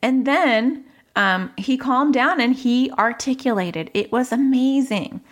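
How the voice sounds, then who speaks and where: A woman's voice: sits high, lively intonation, takes it slowly. A woman in her thirties telling a frank, reflective story about her own parenting, often quoting what she said. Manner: frank, reflective, quotes herself in dialogue. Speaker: parenting podcaster. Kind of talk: candid personal storytelling.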